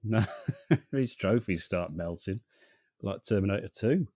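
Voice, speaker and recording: Sweary, sarcastic podcast co-host. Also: male voice, on the low side, animated, unhurried, dark tone, no room sound, clean studio sound. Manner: sweary, sarcastic banter with frequent laughs. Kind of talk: casual chat.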